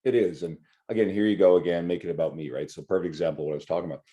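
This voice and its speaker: A man's voice: low voice, steady tone, rapid-fire, warm tone. A man hosting a podcast, talking bluntly and with animation, swearing freely as he makes his point. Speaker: podcast host. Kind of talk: casual podcast chat.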